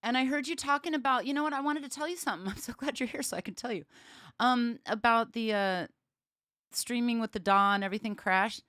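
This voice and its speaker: A woman bass player chats to her livestream viewers in a bubbly, giggly way. Her voice sits a little high, and the sound is dry, with no room echo. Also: a little fast, sharp tone. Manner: chatty and bubbly, laughs often. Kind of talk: casual livestream chat. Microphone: streaming setup with cameras.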